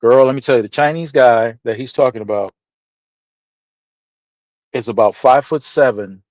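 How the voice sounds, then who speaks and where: A man telling a story in casual podcast chat, animated and profane, acting out the dialogue. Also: mid-range voice, moderate pace, dry recording. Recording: dull, slightly lo-fi dry sound.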